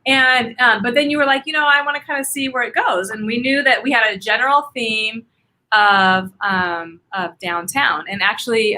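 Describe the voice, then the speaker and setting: Energetic bright-voiced woman guest. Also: mid-range voice. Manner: energetic, rambling with many fillers. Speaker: guest photographer. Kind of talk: casual interview chat.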